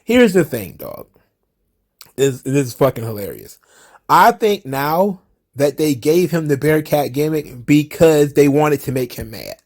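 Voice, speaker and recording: A man's voice: fairly high pitch, measured pace. A man hosting a wrestling commentary podcast, talking casually with frequent swearing and laughter. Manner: animated, profane, laughs often. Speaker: podcast host.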